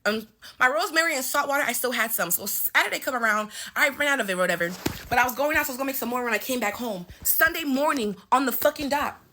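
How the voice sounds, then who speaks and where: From her home bathroom, a twenty-something vlogger stutters through an angry, profanity-laced story-time rant. She has a high voice with a sharp tone.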